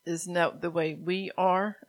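A woman preaching a sermon, reading scripture and speaking God's words to her listeners, at times softly. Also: fairly low pitch, little pitch movement, unhurried.

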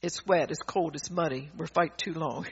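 A low-pitched woman preaches at a moderate pace in a fervent, emphatic sermon. She rambles, laughs in the middle of sentences, and frequently begins them again. The audio is dull and lo-fi.

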